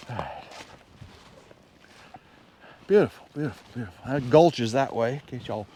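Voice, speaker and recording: On a handheld camera, a vlogger hiking snowy woods speaks at a moderate pace in a medium pitch, leaving long pauses. He's slightly out of breath, excitable and chatty, and strays between thoughts. Slight background noise is audible.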